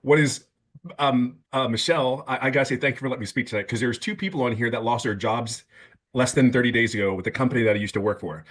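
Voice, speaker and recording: Fifties guy on a zoom call, excited, repeats himself a lot, just chatting about his story. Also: medium pitch, fast. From California. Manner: emphatic, repeats words when excited. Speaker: webinar guest. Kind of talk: casual testimonial.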